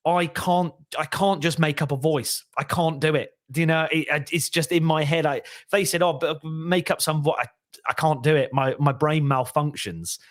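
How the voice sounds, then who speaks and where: A man's voice: a little high, steady tone, moderate pace, dry recording, clean studio sound. A man, a comedian and impressionist, chatting as a podcast guest, rambling with frequent restarts and self-deprecating remarks. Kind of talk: casual podcast interview.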